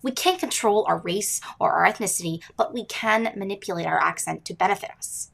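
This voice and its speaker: A woman hosting an interview program, asking questions and reading scripted narration in a measured way. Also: medium pitch, vocal fry, fairly bright tone, slightly rough. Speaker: host and narrator.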